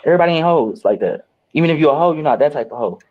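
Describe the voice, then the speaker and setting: A man on a reality show after-show, telling candid stories in casual chat, animated and profane, with big swings in his voice. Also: fairly high pitch, very fast, narrow, tinny audio. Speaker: reality show cast member.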